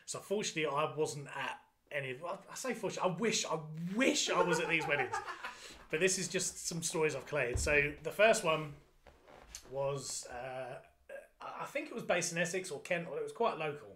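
A man's voice: fairly high pitch, fairly quick, slight background noise. A young man, a drummer in a function band, telling funny wedding stories in casual podcast chat, swearing freely and acting out the people in them. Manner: animated anecdotes, swearing, acting out voices.

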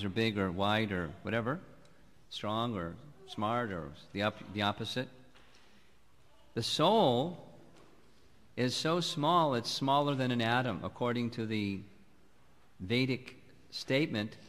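Man giving a sermon, calm and measured, mid pitch, long echo off a big temple hall. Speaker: spiritual teacher giving a lecture.

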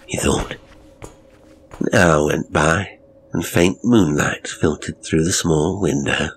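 Deep, slow, brooding male narrator. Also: slight background noise. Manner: measured, dramatic, brooding. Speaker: horror story narrator. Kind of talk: scripted horror narration.

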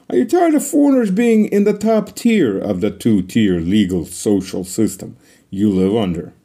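A man's voice: medium pitch, mellow. A man, a guest documentary filmmaker, delivering a prepared message as an emphatic string of rhetorical questions.

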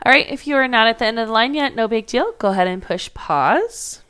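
A woman's voice: on the high side, animated, brisk, few pauses, fairly bright tone, smooth. A woman teaching a phonics lesson to young children, patiently sounding out letters and words.

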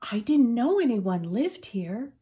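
A kind mother fox from a picture book speaks softly and gently, a little higher than a plain speaking voice, as an older woman reads her part. Her words come slowly and calmly, with a motherly softness. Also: breathy edge, muffled recording, heavily acted. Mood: polite.

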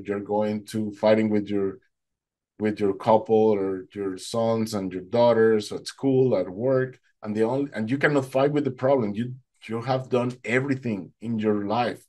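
A man giving a personal faith testimony, telling his story in an animated way and acting out what people said. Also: fairly low pitch. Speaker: testimony speaker.

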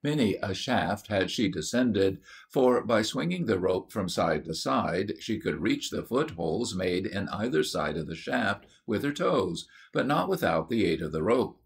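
A man narrating a children's story from an audiobook in a measured storytelling manner. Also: lowish voice, big pitch swings, creaky. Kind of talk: scripted narration.

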